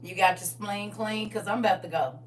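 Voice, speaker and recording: A woman hosting a livestream in casual chat, laughing often, repeating "listen," and moving into gentle spiritual advice. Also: medium pitch, moderate pace. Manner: laughs often, repeats "listen" and "I'm trying to tell you". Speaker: livestream host. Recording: distant mic with faint hum.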